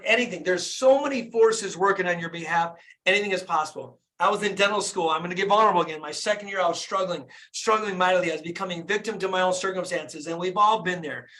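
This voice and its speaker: A man's voice: sits high, pushed and bright. Fired-up man preaching on a video call. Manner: fired-up, preachy, repeats phrases for emphasis. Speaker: dentist and business coach hosting a group call. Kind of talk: motivational talk on a group video call.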